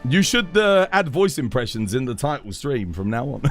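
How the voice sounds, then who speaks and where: A male game streamer with a high, bouncy voice chats playfully with his viewers and giggles at the requests. Faint game music plays under him. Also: very animated, measured pace. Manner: playful, giggly, reacting to chat. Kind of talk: casual live-stream chat.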